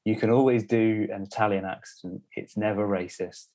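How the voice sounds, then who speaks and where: A man's voice: lowish voice, steady tone, moderate pace, dark tone. A young adult man co-hosting a podcast, talking in a rambling, casual way full of fillers. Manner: rambling, filler-heavy banter. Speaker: podcast co-host. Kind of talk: casual chat.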